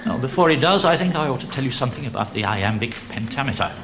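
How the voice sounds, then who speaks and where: An actor playing a teacher who lectures his class in a lively way, with hesitant fillers. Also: medium pitch, quick pace, background noise, close to an everyday voice. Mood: lecturing. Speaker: older teacher. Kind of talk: television drama acting.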